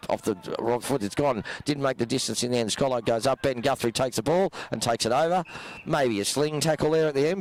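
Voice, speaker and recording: An Australian man calling a live local football match as play-by-play commentator, voice going hoarse, rising to excited shouts on goals. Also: on the high side, rough recording.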